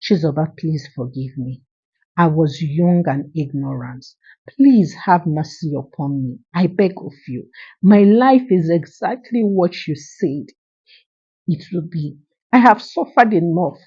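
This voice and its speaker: A man's voice: a little high, animated, a little slow, a little mellow, husky, highs cut off, full character voice. A woman voicing a remorseful grown man who begs for forgiveness and repeats his pleas. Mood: pleading. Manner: pleading, repeats words.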